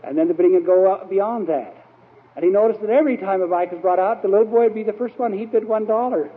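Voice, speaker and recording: Man, sermon storytelling, high voice, rambling with lots of fillers, tinny phone-like sound. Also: quick pace. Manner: rambling and anecdotal, with frequent fillers. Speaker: church speaker. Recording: tinny, echoey old hall recording.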